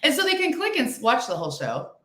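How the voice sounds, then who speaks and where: A middle-aged woman co-hosting a podcast in casual chat, calm and measured with halting restarts. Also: sits high. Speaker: podcast co-host. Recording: echoey room.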